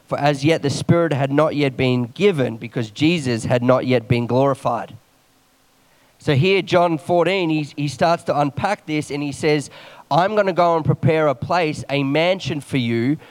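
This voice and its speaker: Fast-talking preacher man, high-ish voice. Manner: fast, animated, reading scripture aloud with asides. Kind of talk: sermon.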